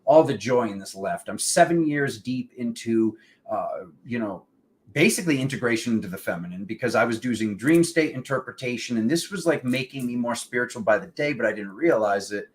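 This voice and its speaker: A man hosting a spiritual livestream, telling a personal story in a rambling, animated way and acting out the voices of the people in it. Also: medium pitch, fairly quick. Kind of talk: casual storytelling monologue. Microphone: livestream setup.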